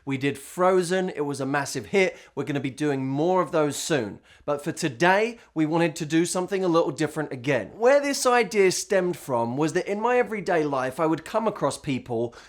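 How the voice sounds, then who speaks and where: A man hosting a scripted vlog monologue, telling a story in an animated, theatrical way. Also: a little high, moderate pace, hardly any pauses. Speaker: host and coach.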